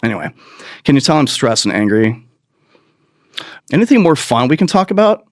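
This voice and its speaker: A man's voice: medium pitch, big pitch swings, moderate pace, dry recording, studio quality. A man hosting a podcast, delivering a profane, sarcastic political rant full of mocking mimicry. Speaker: podcast host.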